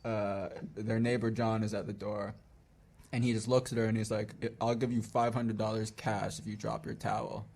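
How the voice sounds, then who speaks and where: A man's voice: lowish voice, little pitch movement, normal speed, creaky, darkish tone. A man co-hosting a casual radio chat, telling a joke in a rambling way with restarts. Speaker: radio show co-host.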